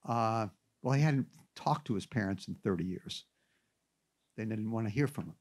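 A man's voice: lowish voice, normal speed. A man giving an anecdotal classroom lecture, telling stories with wry asides. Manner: animated storyteller with wry asides.

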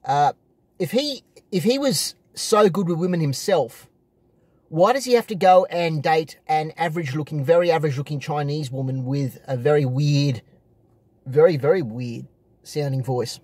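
A man's voice: fairly high pitch, normal speed, darkish tone, husky, no room sound. A man talking casually to his viewers from inside his parked car, rambling and repeating himself with many fillers. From Australia. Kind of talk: casual vlog monologue.

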